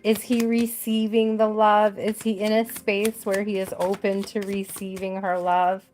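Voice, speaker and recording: A woman giving a live tarot reading, gentle and emotional, repeating her words softly. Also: mid-range voice, level tone, measured pace, slight background noise. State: tearful at times. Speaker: tarot reader.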